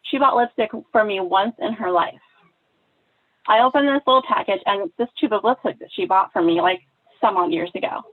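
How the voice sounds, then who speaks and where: Woman guest, mid-pitched, recounts a story with feeling, heard over a narrow phone-like line. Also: brisk. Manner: animated, acts out quoted dialogue. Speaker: podcast guest. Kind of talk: emotional personal storytelling.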